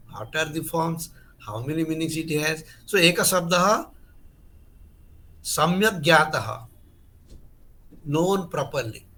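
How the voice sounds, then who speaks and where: A male teacher lectures earnestly and with emphasis. His voice is bright and slightly high, and he restarts phrases and repeats key terms as he works through each point. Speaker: Sanskrit grammar teacher. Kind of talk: online lecture.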